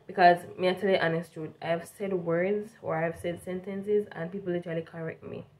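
A woman's voice: on the low side, steady tone, quick pace, darkish tone. A young woman from Jamaica with a strong Jamaican accent, telling a vlog story casually and animatedly, slipping between standard English and Jamaican Patois. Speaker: vlogger.

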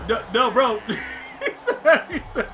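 High-voiced young man streaming a game. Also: unhurried. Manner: rambling, laughing, repeats catchphrases, excitable outbursts. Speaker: gaming streamer. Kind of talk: casual live gameplay commentary.

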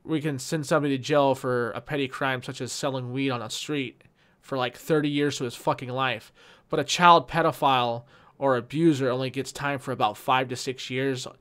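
A man's voice: mid-range voice, steady tone, normal speed, a bit bright, clear, resonant tone. A man giving an impassioned, heated vlog rant, swearing often and restarting his sentences. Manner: heated, profane, with frequent restarts. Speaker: YouTuber.

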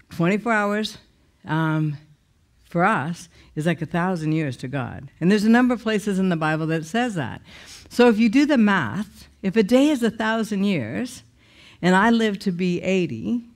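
A woman's voice: on the low side, lively intonation, moderate pace. A woman sharing a personal testimony in a conversational, emotional way. She uses many fillers and restarts, and her voice jumps up sharply when she quotes her own angry words.

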